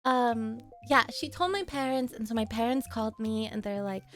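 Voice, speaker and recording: A young woman streamer telling a story to her chat in a casual, animated way, acting out what people said with big jumps in her voice. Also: normal speed, soft background music. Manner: animated, acts out quoted lines with big pitch jumps and laughs.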